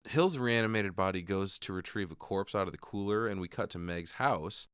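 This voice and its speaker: A man's voice: deep voice, moderate pace, fairly bright tone, smooth, dry recording, clean studio sound. A young man casually recapping a horror movie for a podcast, swearing freely and acting out lines from the film. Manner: profane, laughing, acts out quotes from the film. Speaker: podcast co-host.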